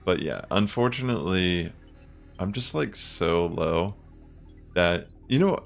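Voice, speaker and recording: A young man casually commenting on his own online game matches, chatty and relaxed, thinking aloud with fillers. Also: deep voice, moderate pace, vocal fry, faint music behind. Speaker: gaming content creator.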